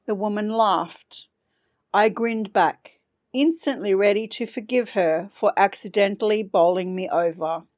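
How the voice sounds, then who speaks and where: A woman's voice: mid-range voice, measured pace, a little mellow, no room sound, highs cut off. A woman podcast host reading her own travel story aloud with wry humor.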